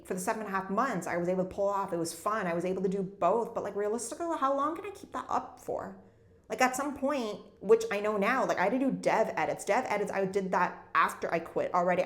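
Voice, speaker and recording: A woman's voice: lowish voice, echoey room. Rambling woman telling a personal story. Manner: rambling, fills nearly every phrase with "like". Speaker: debut novelist and former corporate executive. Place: her home in Munich.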